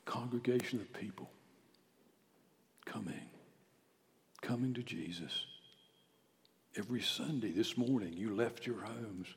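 Male pastor, dynamic sermon, quiet to shouting, church hall reverb. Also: fairly low pitch, unhurried, pauses often. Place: church sanctuary.

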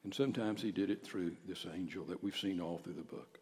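A man's voice: deep voice, brisk. Man preaching in a reverberant church. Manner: emphatic, dropping to hushed near-whispers. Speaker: pastor. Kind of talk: sermon. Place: church sanctuary. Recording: long hall reverb.

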